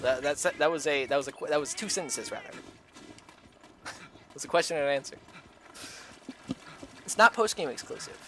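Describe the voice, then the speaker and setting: A game streamer giving live gameplay commentary, animated and swearing casually, laughing often. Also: medium pitch, fairly quick, pauses often. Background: game music.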